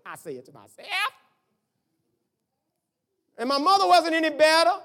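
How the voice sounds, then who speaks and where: Here a pastor with an extremely high voice talks quickly through an animated sermon. He recounts family tales and voices his parents' lines as he goes.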